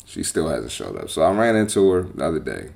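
A man hosting a podcast as a personal trainer, talking bluntly and with profanity in a casual, animated monologue. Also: rumbling low, brisk, gravelly.

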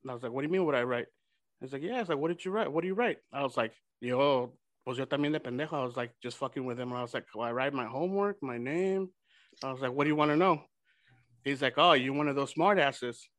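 A young man hosting a podcast, telling a profane, animated story full of quoted dialogue, casually mixing English and Spanish. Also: mid-range voice, fast, no room sound. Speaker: podcast host.

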